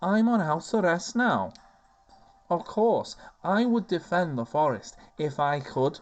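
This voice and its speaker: A man's voice: a little high, sing-song, slow, voice pushed up. Man doing a lovesick young Scouse winged elf. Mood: earnest. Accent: put-on Scouse.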